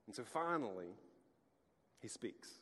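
A pastor giving a casual, conversational sermon, full of restarts and acted-out asides. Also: male voice, fairly low pitch, very animated, a little slow, fairly bright tone. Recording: long hall reverb.

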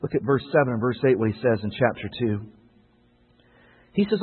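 A man preaching a sermon, swelling to emphatic peaks and dropping to quiet asides, with a husky voice. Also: mid-range voice, animated, normal speed, long pauses. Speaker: pastor. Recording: tinny phone-like radio broadcast with long reverb.

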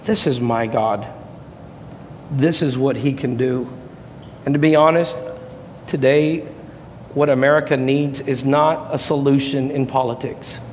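A man preaching a sermon as a pastor, impassioned, swinging between soft reflective passages and loud rising peaks. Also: mid-range voice, steady tone, unhurried, long pauses, slight background noise. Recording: long hall reverb, faint ambience.

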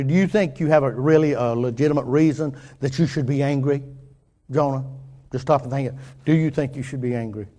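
A man preaching a sermon in an earnest, halting way, often restarting his sentences and swinging between loud and quiet. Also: mid-range voice. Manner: earnest, halting with many restarts, rising and falling in intensity. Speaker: pastor.

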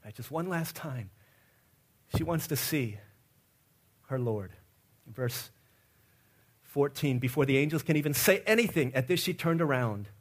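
Preaching on Easter, this man tells stories and gives the people in them animated voices of their own. His delivery moves from soft, low stretches to loud bursts of excitement on the side.

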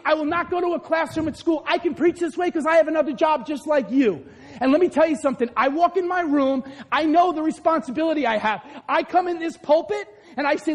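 A man preaching a sermon as pastor, loud and passionate, swinging between shouts and quieter asides. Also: very high-pitched, fairly quick. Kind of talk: energetic sermon. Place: large hall or church. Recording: echoey hall.

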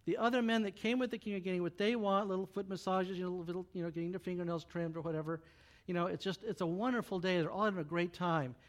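A man preaching, retelling a Bible story in a casual, joking, animated way. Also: sits high, quick pace. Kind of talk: sermon storytelling.

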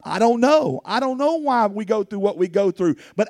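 A man's voice: sits high, expressive, moderate pace, a little mellow, no room sound, clean studio sound. A man preaching a sermon as pastor, telling personal stories earnestly and rising into fervent pleading.

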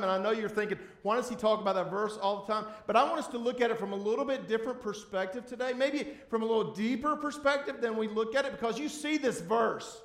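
High-voiced pastor preaching in an echoey hall. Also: male voice. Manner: emphatic, swings between loud and hushed; drags out key words, repeats for emphasis. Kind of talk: sermon. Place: church sanctuary before a congregation. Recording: echoey room.

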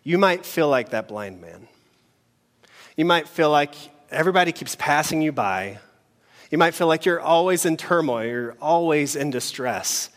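A man preaching a sermon in an earnest, measured way, pausing between phrases. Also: on the high side, lively intonation. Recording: long hall reverb.

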